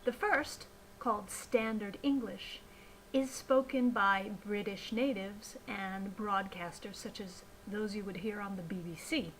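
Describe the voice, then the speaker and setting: A woman teaching pronunciation, speaking slowly and deliberately and modeling words with careful enunciation. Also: mid-range voice, fairly even intonation, fairly bright tone, slight background noise, poor audio. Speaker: English pronunciation tutor. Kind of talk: slow scripted teaching narration.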